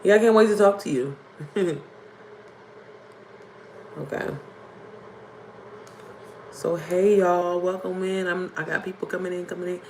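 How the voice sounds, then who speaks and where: A young woman with a hoarse voice, hosting a casual livestream and chatting directly to her viewers. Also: fairly low pitch, fairly even intonation, measured pace, long pauses, darkish tone, a little hiss or hum, low-quality recording. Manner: chatty, addresses viewers as y'all and baby. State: hoarse from screaming. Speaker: livestream host.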